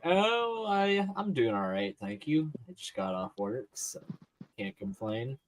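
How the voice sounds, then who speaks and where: A man's voice: medium pitch, very animated, unhurried, slight background noise, low-quality recording. A man from Canada, chatting on a live stream and telling a rambling story full of restarts. His voice sits in the middle of a man's range. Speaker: regular guest on a live stream. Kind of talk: casual chat.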